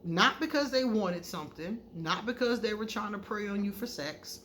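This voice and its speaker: Animated woman tarot reader chatting. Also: mid-range voice, moderate pace, a little hiss or hum. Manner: animated storyteller who acts out quoted dialogue; frank and conversational, addresses viewers directly. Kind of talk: casual vlog monologue.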